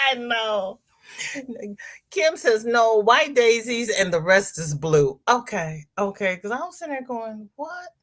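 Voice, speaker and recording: A middle-aged woman hosts a casual livestream from home, chatting with viewers and reading their comments out loud with exclamations and laughter. Her voice is fairly high, animated and a bit bright, and she talks slowly with frequent pauses.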